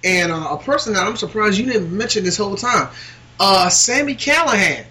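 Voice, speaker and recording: Bright-voiced rambling man chatting. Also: high-pitched, lively intonation, moderate pace. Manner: rambling, many fillers, laughs often. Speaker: podcast co-host. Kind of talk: casual wrestling chat.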